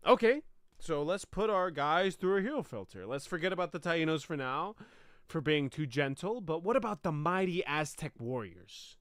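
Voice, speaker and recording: Animated, profane man rehearsing a monologue. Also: fairly high pitch, moderate pace, no room sound, studio quality. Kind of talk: rehearsing a comic solo show.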